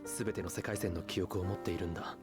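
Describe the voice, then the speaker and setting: An intense young anime scientist, voiced by a man, talks in rapid, low, insistent bursts. He presses his point with earnest conviction. Clear soundtrack music runs beneath him. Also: steady tone, close to an everyday voice. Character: intense young male scientist confessing love. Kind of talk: Japanese anime dialogue.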